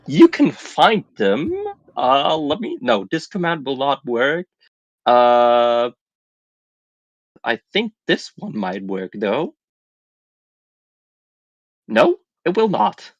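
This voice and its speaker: A man's voice: medium pitch, wildly swooping pitch, slow, long pauses, dry recording, muffled recording. A man hosting a livestream in casual chat, playful and laughing, often stumbling over his words. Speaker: stream host.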